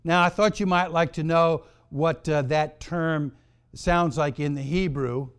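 A male pastor preaches with slow, weighty phrasing and a fairly high voice. He builds drama into the storytelling and stresses key words deliberately. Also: clear, resonant tone. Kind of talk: sermon.

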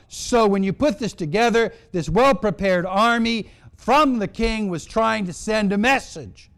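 A man preaching a sermon, telling a story in a deliberate, emphatic and dramatic way. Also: high-pitched. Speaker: pastor.

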